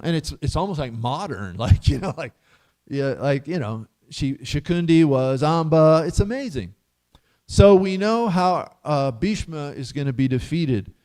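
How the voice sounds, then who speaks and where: Animated man telling scripture stories. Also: on the high side. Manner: animated storyteller, rhetorical questions, chuckles often. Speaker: scripture class speaker. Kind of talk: casual scripture class talk.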